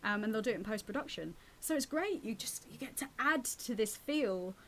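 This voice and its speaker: Woman, actress guest, radio interview, animated storyteller, chatty. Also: fairly high pitch, fairly quick. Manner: lively storyteller, acts out quoted voices.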